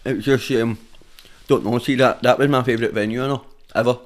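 A man's voice: medium pitch, steady tone, fast. A Glaswegian man, a rapper guest on a podcast, chatting in a laid-back way full of swearing and local slang. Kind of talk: casual chat.

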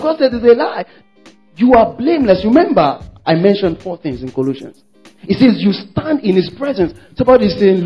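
High-voiced, husky, emphatic male preacher. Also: big pitch swings, a little fast. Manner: emphatic, repeats phrases, calls for congregation responses; acts out worshippers' quoted words in shifting voices. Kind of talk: sermon. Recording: dull lo-fi sermon recording with faint music.

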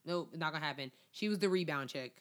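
A woman co-hosting a casual podcast with a low, deep voice. She is blunt and opinionated, delivering firm verdicts, and often acts out what people would say. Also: fast talker. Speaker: podcast co-host. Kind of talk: casual chat.

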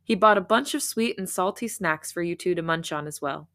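A woman podcast host reads fan fiction aloud in a slightly low voice. Her narration is steady and clear, and she breaks into animated, laughing asides. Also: brisk, hardly any pauses.

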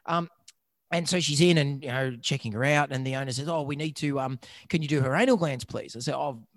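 A man's voice: mid-range voice, a little fast. An Australian man, a vet and podcast co-host, telling rambling stories with lots of restarts. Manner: rambling, stammering storyteller. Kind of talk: casual chat.

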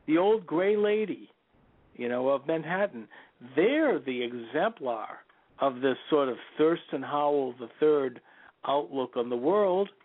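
Over a dry, tinny, phone-like line, a male radio host holds forth on politics in an opinionated monologue. He stresses names with leaps in pitch and fills gaps with "you know."

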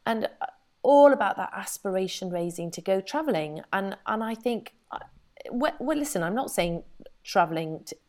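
A woman's voice: medium pitch, lively intonation, normal speed, darkish tone. A middle-aged woman, a podcast co-host chatting animatedly and laughing often. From Wales. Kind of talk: casual chat.

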